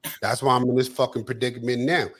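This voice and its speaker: A man's voice: medium pitch, little pitch movement, very fast, fairly bright tone. A man co-hosting a podcast, ranting and acting out both sides of conversations. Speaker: podcast co-host. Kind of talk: casual chat.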